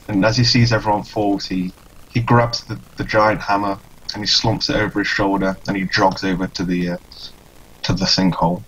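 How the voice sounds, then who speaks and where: A man playing a tabletop game, casually narrating his character's actions in halting third person. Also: on the low side, flat delivery, a bit bright, husky, rough recording. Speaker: player.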